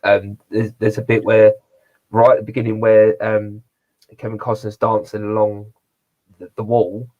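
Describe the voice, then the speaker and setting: Rambling low-voiced man reviewing films. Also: monotone, normal speed, darkish tone, dull audio. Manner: rambling, with many fillers and restarts. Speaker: podcast co-host. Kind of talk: casual movie review chat.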